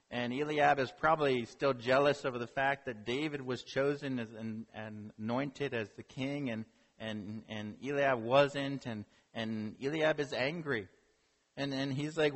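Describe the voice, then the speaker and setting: Husky preacher in an echoing hall. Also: male voice, medium pitch, normal speed. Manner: animated storytelling with rhetorical questions. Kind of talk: sermon. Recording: long hall reverb.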